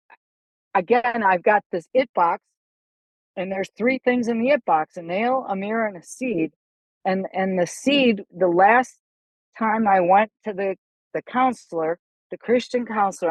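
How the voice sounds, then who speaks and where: A middle-aged woman, a golf instructor, telling stories animatedly in a casual podcast chat, with quick asides and restarts. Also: mid-range voice, no echo, rough recording.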